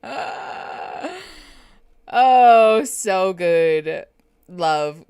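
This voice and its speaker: A woman therapist hosts a live stream, talking casually to her chat. She speaks at an unhurried pace and laughs often between comments. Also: mid-range voice, expressive. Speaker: therapist and livestream host.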